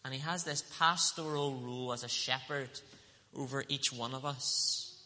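A man preaching a sermon, earnest and emphatic, slowing down to stress scripture quotes. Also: medium pitch, bright, forceful tone, big-room sound.

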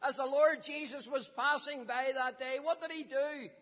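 A man with a high, bright voice preaches to children, often stopping to put questions to them. The sound is dull and lo-fi, with a long reverb from the hall around him. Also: fairly even intonation, moderate pace. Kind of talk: children's gospel talk.

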